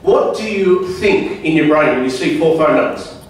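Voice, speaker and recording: A man's voice: fairly high pitch, lively intonation, moderate pace. A man giving a chatty seminar talk to a club audience, often quizzing them with questions. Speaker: guest speaker at a club meeting. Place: meeting room at a club. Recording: echoey room, distant mic.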